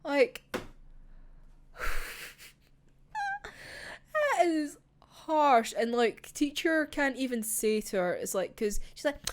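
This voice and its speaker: A young Scottish woman chatting casually about a manga in an animated, gushing way, swearing freely. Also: sits high, very slow, long pauses. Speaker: manga reviewer. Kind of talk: casual chat.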